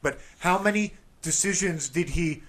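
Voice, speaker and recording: A male podcast host riffing in an animated, profane way. His voice is a bit high and quite bright. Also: moderate pace. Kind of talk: casual chat.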